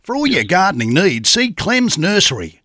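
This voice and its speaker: A man's voice: high-pitched, big pitch swings, moderate pace, pushed and bright, no room sound, clean studio sound, pitched above the performer's own voice, heavily acted. A man putting on a broad Australian farmer voice to read a folksy, upbeat shop advertisement. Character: broad rural Australian male farmer doing an ad.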